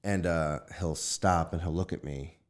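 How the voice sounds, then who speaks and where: A man co-hosting a casual podcast chat, telling a parenting story with lively retellings of what he says to his son. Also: low-pitched, a little slow. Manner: animated storyteller, acts out his kid's voice. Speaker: podcast co-host.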